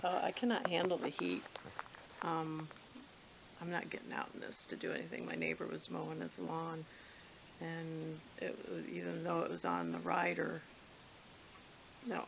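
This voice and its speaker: A woman's voice: lowish voice, level tone, a little slow, gravelly, background noise. A woman vlogging casually from her backyard and home. She rambles along chattily and coos at her cats. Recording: dull lo-fi home video.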